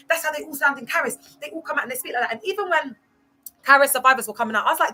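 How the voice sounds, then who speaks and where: A woman's voice: high-pitched, very fast, sharp tone, slight background noise, rough recording. A young woman who talks in a sassy, slangy way and often laughs, chatting casually on a livestream about cults. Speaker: vlogger discussing cults.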